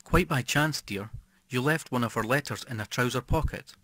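A man's voice: mid-range voice, normal speed, sharp tone, no echo. A man voicing Martha, a cold prim wife. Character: calm, cold middle-aged wife who poisons.

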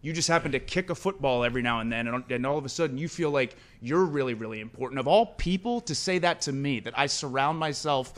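A man speaking as a guest on a talk show, calm and deliberate but confrontational. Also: medium pitch. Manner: measured, then heated and confrontational.

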